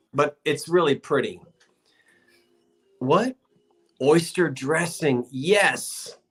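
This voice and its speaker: A man's voice: fairly high pitch, very slow, fairly bright tone. A man hosting a live online auction of antiques, playful and chatty, joking as he counts down bids.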